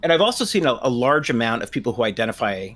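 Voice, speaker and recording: Male therapist, 30s, bright timbre, hesitant conversational delivery. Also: medium pitch, very animated, quick pace. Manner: hesitant, many restarts and fillers. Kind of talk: casual discussion.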